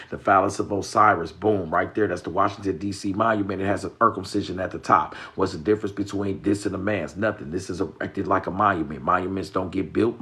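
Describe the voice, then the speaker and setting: A man's voice: deep voice, fairly bright tone. A man holds forth on a live stream in a casual, emphatic rant. He swears freely and leans on street slang and repeated catchphrases. His talk is loose and unscripted, aimed straight at his viewers. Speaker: livestream host.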